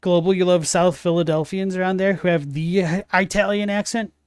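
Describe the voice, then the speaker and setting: A man's voice: sits high, fairly even intonation, moderate pace, clean tone, dry recording, studio quality. Chatty man narrating his gameplay. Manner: chatty, reacts aloud while playing and answers chat. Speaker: let's play host. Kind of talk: casual gameplay commentary.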